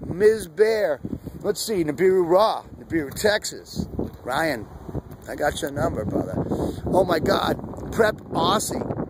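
An excitable man rambles on about what he sees, talking about himself by his nickname. His voice sits a little high, and wind roars loudly across the phone mic outdoors. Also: slow pace. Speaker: vlogger. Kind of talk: excited off-the-cuff vlog commentary. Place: outdoors under an open sky.

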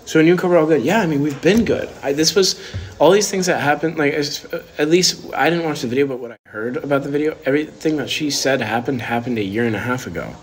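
A man's voice: fairly high pitch, fast. A young man talking casually on a livestream, rambling with lots of fillers. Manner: relaxed, rambling, many fillers. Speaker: streamer.

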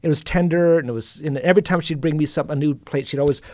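A middle-aged man hosting a podcast, telling a personal story in a reflective, soft-spoken way with many restarts. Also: on the high side, fast talker, dry recording, clean studio sound. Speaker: podcast host and singer-songwriter. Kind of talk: casual storytelling conversation.

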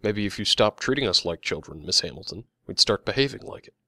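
A man's voice: fairly low pitch, animated, fast talker, creaky, bright, forceful tone, slightly rough, no room sound, studio quality, full character voice. A man doing a cocky, teasing young man. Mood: teasing, smug. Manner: mocking, cocky.

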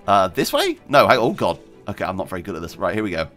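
A man commenting as he plays a video game, chatty and excitable, often squealing with delight. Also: deep voice, fast talker, soft background music. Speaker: gaming video host. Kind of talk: let's play commentary.

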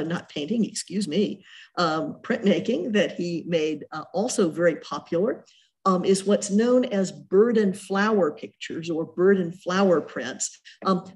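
A middle-aged woman giving an art history lecture as a museum curator, chatty and full of ums and self-corrections. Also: lowish voice.

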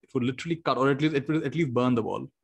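Animated man telling motivational stories. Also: mid-range voice, very fast, creaky, husky. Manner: animated, acts out quotes, laughs often. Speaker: meditation teacher giving a talk. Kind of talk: motivational storytelling talk. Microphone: video call.

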